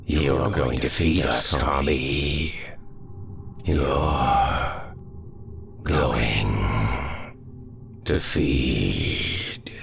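Menacing shadow creatures that hunger after years without feeding, voiced by a man. They speak in a slow, gravelly whisper that creeps through a dark horror story. The voice sits very low. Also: a little hiss or hum, full character voice.

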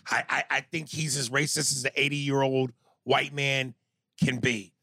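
A man co-hosting a podcast, in casual chat, recounting scenes with animated delivery. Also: mid-range voice, moderate pace, gravelly, dry recording, studio quality. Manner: animated storyteller who acts out quotes. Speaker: podcast co-host.

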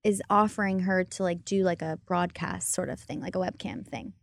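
A woman's voice: fairly low pitch, fairly even intonation, moderate pace, creaky, no echo, clean studio sound. A woman co-hosting a casual entertainment news chat, chatty and joking as she runs through stories. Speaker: co-host.

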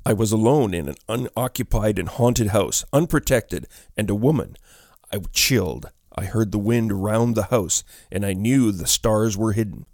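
A man narrating a ghost story in a measured storytelling delivery. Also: fairly low pitch, a little mellow, no echo, studio quality.

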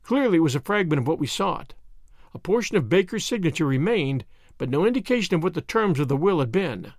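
Lively-voiced male audiobook narrator. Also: a little high, no echo, studio quality. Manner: measured, expressive storytelling. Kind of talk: scripted narration of a detective story.

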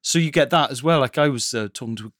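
A man's voice: medium pitch, quick pace, a bit bright, no echo, clean studio sound. A man with a West Walian accent, co-hosting a casual podcast and explaining ideas at length, with a chuckle now and then. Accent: West Walian Welsh. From West Wales. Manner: thoughtful, explanatory, chuckles often. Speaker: podcast co-host.

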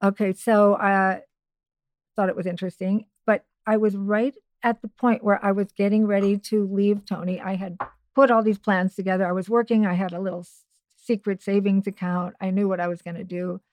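A woman's voice: medium pitch, flat delivery, normal speed, a little mellow, no room sound. Woman, middle-aged, podcast guest, casual storytelling, chatty asides, dry close sound. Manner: chatty, with frequent restarts and asides.

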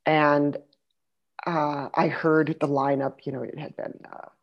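A middle-aged woman telling stories in a casual conversation, animated, acting out the people she quotes and dropping into soft asides. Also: low voice, a little slow, dull audio. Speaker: podcast guest, actress.

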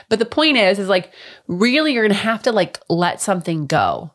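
A woman's voice: medium pitch, very animated, normal speed. A woman in her thirties co-hosting a podcast, talking in a frank, upbeat way and swearing casually. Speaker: podcast co-host.

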